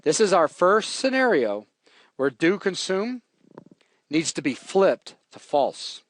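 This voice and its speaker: A man teaching programming in a relaxed, jokey way while he types, walking through code on a live stream. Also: sits high, slow. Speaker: programming instructor. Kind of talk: live coding tutorial.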